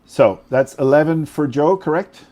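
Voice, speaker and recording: A man's voice: on the high side, normal speed, mellow, slight background noise. A man whose first language is French, running a tabletop game in English with rambling, self-correcting explanations. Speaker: game master.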